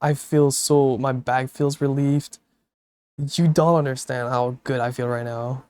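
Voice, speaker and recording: A man's voice: mid-range voice, level tone, measured pace, darkish tone, clean tone, no room sound. A man streaming late at night, drowsy and laid-back, chatting casually with viewers, swearing and laughing often, into a desktop mic. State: sleepy. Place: home streaming setup, seated. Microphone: desktop microphone through a mixer.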